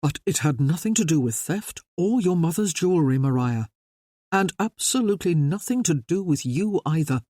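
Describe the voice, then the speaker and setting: A reader voicing a reserved nobleman who speaks in a measured, earnest way. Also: medium pitch, animated, dark tone, no echo, clean studio sound, close to an everyday voice.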